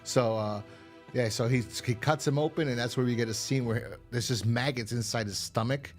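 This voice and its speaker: A man with a mid-range voice co-hosts a horror podcast, recapping an episode at a moderate pace over faint music. His delivery is rambling and casual, packed with fillers and the occasional swear word.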